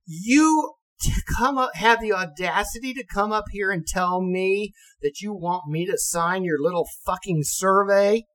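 A man voicing a foul-mouthed navy captain who screams in a high, strained voice. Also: unhurried, fairly bright tone. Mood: screaming. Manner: screaming, profane tirade.

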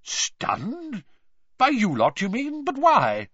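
A man voicing an excitable, bumbling middle-aged wizard official who fires off breathless, rapid questions. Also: extremely high pitch, husky, no echo, pitched above the performer's own voice, full character voice. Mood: incredulous. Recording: dull lo-fi recording.

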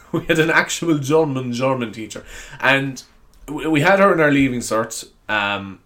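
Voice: mid-range voice, animated, unhurried, pushed and bright. A young adult podcaster with an Irish accent, chatting alone in a rambling, self-mocking way and laughing often. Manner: self-mocking, giggly, apologetic. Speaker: podcast host. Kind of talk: rambling solo podcast chat.

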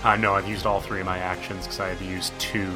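A man's voice: deep voice, flat delivery, fast, music in the background. A man playing a tabletop game, chatting in a playful, wisecracking way. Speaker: player. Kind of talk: casual chat at a tabletop game.

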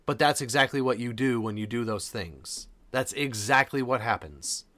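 A man's voice: medium pitch, normal speed, pushed and bright. A man hosting a podcast, talking casually and earnestly, repeating phrases for emphasis. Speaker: podcast host.

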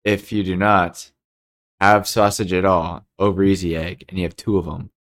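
A man's voice: sits low, flat delivery, moderate pace, no room sound, clean studio sound. A young man in casual podcast chat, rambling as he explains things step by step. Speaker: podcast co-host.

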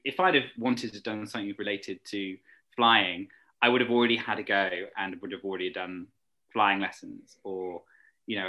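A young man talking as an interview guest, eager and rambling with plenty of fillers. His voice sits somewhat low in pitch. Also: pushed and bright, poor audio. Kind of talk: casual interview chat.

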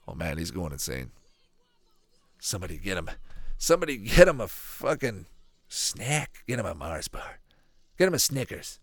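Low-voiced rambling man reacting to cartoons. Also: normal speed, pauses often, no room sound. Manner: rambling, profane, animated asides. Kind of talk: casual reaction commentary.

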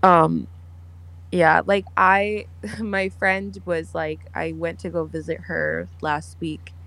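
A woman co-hosting a casual podcast, telling stories in a bubbly, animated way. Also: fairly low pitch, slow, vocal fry. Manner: bubbly storyteller, animated, lots of "like". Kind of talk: casual chat.

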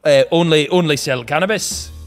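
A man putting on a bad mock Scottish accent for a gruff man, exaggerated and repeating one catchphrase. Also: fairly high pitch, moderate pace, faint music behind, lightly acted. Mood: mock boastful. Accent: mock Scottish, done badly.

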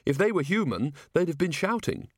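A man's voice: fairly high pitch, very animated, a little fast, dry recording, studio quality, pitched above the performer's own voice. A man voicing an earnest young female watch officer reporting her findings, in an audiobook. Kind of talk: audiobook character voice.

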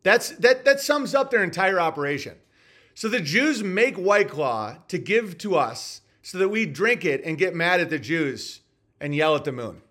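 A man's voice: sits high, expressive, normal speed, a bit bright. A man hosting a live-stream podcast, reading viewer messages and answering with sarcastic, mocking rants.

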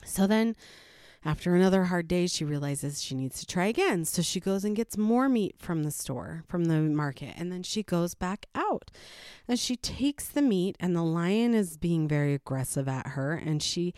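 A woman's voice: on the low side, lively intonation, moderate pace, darkish tone, no room sound, studio quality. A woman and adoptive parent chatting through a folktale retelling and her thoughts on it, laughing often. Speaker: adoptive parent sharing a story. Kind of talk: casual retelling and reflection.

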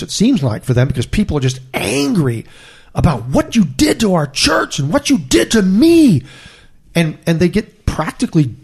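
A man chatting in a casual podcast discussion, animated and expressive. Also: on the high side.

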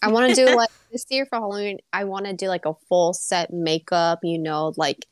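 Young woman co-host, excitable, quick reactions, cussing, dry sound. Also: fairly low pitch, dry recording. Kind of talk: casual chat.

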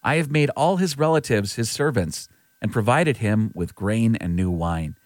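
A man's voice: mid-range voice, lively intonation, normal speed, no echo, lightly acted. A man voicing an aging father giving his son a blessing, in an earnest, lightly voiced scripture reading.

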